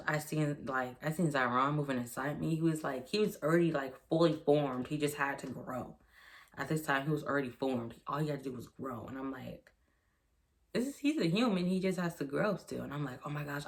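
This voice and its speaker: A woman's voice: extremely low pitch, gravelly. A young woman vlogger telling a personal story in a rambling, repetitive way, acting out the dialogue and sometimes dropping to a whisper. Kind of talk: storytime vlog.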